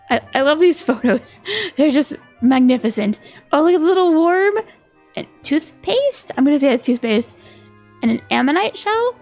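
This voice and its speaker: A chatty woman streamer commenting on a game, playful and quick to giggle. Her voice is high and laced with a gravelly creak. Soft background music plays faintly behind her. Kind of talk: casual live game commentary.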